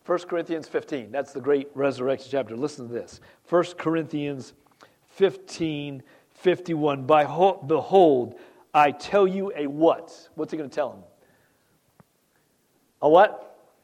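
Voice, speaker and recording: A man preaching with a high, lively voice. He reads scripture loudly, then drops low and quiet for asides. He keeps asking his listeners questions. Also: unhurried. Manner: animated preaching, rising loud on scripture and dropping low for asides; asks the congregation questions. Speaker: pastor. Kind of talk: sermon.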